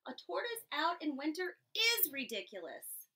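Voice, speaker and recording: A woman's voice: sits high, big pitch swings, a little slow, bright, forceful tone, recorded from a distance, heavily acted. A woman voicing a small, stubborn young female tortoise in a bedtime story, earnest and indignant. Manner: earnest, indignant then sad.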